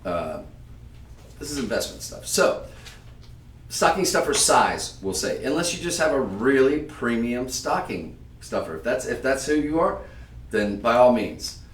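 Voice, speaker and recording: A man hosting a live-stream jewelry sale, talking to viewers in a chatty, emphatic sales pitch. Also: sing-song, a little slow, roomy sound, far from the mic, a little hiss or hum. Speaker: shopping channel host.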